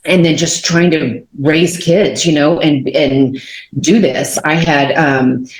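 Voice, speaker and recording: Guest, woman in her 40s from Texas, low voice, lively storyteller, recorded in a reverberant room. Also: takes it slowly, a little hiss or hum. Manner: animated storyteller, many fillers, acts out quotes. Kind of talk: telling a personal faith testimony. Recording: roomy echo.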